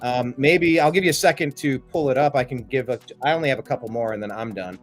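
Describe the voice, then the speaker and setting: A man hosting a political talk show, from the Cleveland area, excitable and jokey, prone to loud outbursts. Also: mid-range voice, fast talker, faint music behind. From Cleveland, Ohio area. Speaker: show host.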